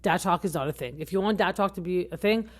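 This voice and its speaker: Chatty woman with a low voice. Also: quick pace. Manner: chatty, rambling, frequent self-corrections. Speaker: podcast host. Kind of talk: casual opinion commentary.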